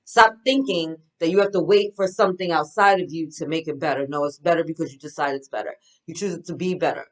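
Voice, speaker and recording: A woman's voice: low voice, fast talker, hardly any pauses, low-quality recording. A woman reading oracle cards, giving a casual spiritual pep talk in an enthusiastic, affirming, chatty way. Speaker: spiritual card reader.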